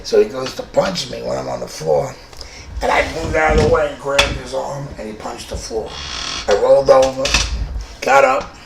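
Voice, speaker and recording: Blunt, profane New York storyteller man. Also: lowish voice. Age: 50s. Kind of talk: true-story monologue. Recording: roomy room with faint noise.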